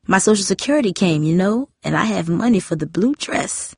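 A woman voicing a frail, confused old grandmother who talks in a slow, fond, wandering way. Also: mid-range voice, lively intonation, darkish tone, breathy edge, no echo, studio quality. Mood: tender, wandering.

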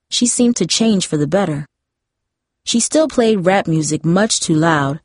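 A woman reads a story aloud in a steady, measured way. Her voice sits on the lower side, and the recording is dry and close. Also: no room sound. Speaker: narrator. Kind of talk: storybook narration.

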